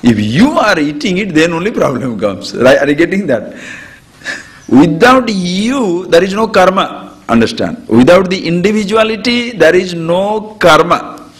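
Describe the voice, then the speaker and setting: A man, a spiritual teacher giving a discourse to an audience, animated and chuckling often as he acts out everyday examples. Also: high voice, measured pace.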